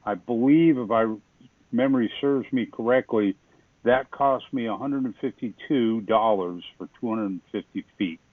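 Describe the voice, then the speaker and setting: A man's voice: mid-range voice, normal speed, no echo. A man hosting a home remodeling video, explaining the work in a folksy, self-deprecating way. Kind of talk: casual how-to narration. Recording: tinny, phone-like dry sound.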